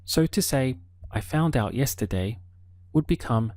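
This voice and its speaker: A man teaching a Spanish lesson online, explaining slowly and modeling words syllable by syllable. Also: mid-range voice, animated, a little mellow, no echo, studio quality. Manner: slow, deliberate explaining with careful word-by-word modeling.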